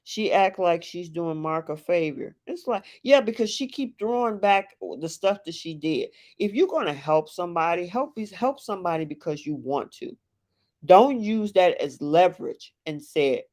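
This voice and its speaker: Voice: medium pitch, moderate pace. A live stream host giving a casual, opinionated recap of a reality dating show, acting out what people said and reacting to the chat. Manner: animated and opinionated, acts out what cast members said; reacts to viewers in the chat mid-talk.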